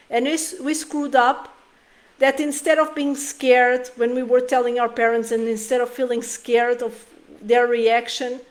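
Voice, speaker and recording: A woman with a high voice talks to the camera about parenting in an earnest, emotional way. She often stops and restarts her sentences as she searches for words. It sounds like a casual, heartfelt vlog. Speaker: parenting vlogger.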